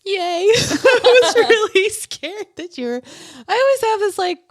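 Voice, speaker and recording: A young adult woman from Washington with a naturally low register, co-hosting a podcast in easy chatty talk that breaks into laughter often. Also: animated, unhurried, no room sound, studio quality. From Washington State, USA. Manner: chatty, laughs easily, filler-heavy. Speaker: podcast co-host. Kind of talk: casual chat.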